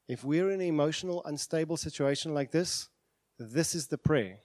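A man's voice: on the high side, animated, fairly quick, darkish tone, no echo. A man preaching a sermon with passion, voicing prayers aloud. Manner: impassioned, acts out prayers aloud. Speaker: pastor.

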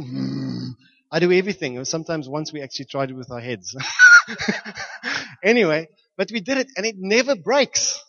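A lively man preaching, slightly high and bright in tone. He tells stories in his sermon, bursting into shouts and sound effects and laughing along the way. The recording is dull and lo-fi. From South Africa, Johannesburg. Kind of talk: storytelling sermon.

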